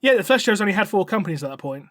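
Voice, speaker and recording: Male podcast co-host, high pitch, loose storytelling, dry recording. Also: big pitch swings, rapid-fire, a bit bright, no room sound. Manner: laughing, swearing, many fillers. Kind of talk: casual retelling of a novel.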